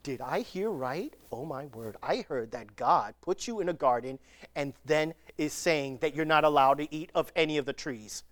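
A preacher voicing a sly male serpent in a hushed, drawn-out tone of mock astonishment, inside a sermon. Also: medium pitch, lively intonation, no echo, pitched below the performer's own voice, close to an everyday voice.

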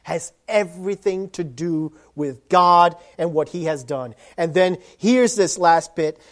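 A man preaching a sermon, animated, swinging from loud emphasis to quiet low asides and acting out little scenes. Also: a little slow. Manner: animated, acts out voices of dads and kids. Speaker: pastor.

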